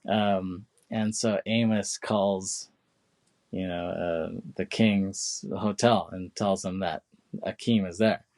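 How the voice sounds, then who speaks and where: A man co-hosting a podcast, casually retelling film scenes with many fillers and quick put-on quotes of the characters. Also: deep voice, steady tone, a little mellow. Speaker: podcast co-host. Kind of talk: casual chat.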